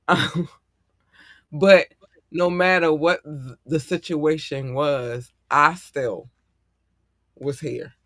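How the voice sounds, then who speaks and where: A man hosting a podcast in casual chat, talking in an excitable, slangy and heartfelt way. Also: a little high, slow pace, pauses often, dry recording, clean studio sound. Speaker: podcast host.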